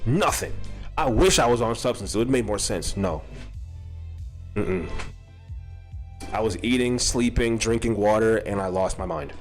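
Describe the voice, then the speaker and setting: A young man telling a personal story to his viewers in a casual, profane way, laughing often and breaking into high-pitched quoted outbursts. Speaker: streamer. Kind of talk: casual storytelling to a live chat.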